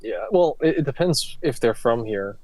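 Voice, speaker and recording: A man from New York hosts a relaxed chat about his old videos. He laughs easily and pokes fun at himself in a middle-pitched voice. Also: normal speed. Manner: laughs often, self-mocking. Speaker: host.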